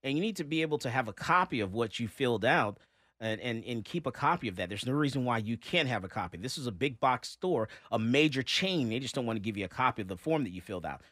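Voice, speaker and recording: A man's voice: mid-range voice, no echo, studio quality. A man hosting a talk radio show, talking casually and reading listener letters aloud. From Texas. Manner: animated, mocking when reading a letter aloud.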